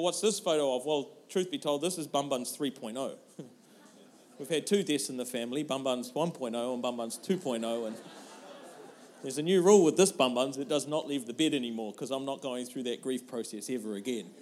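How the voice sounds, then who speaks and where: Brief: man, thirties, pastor, lively comic storyteller. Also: medium pitch. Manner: animated, humorous storytelling. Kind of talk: sermon.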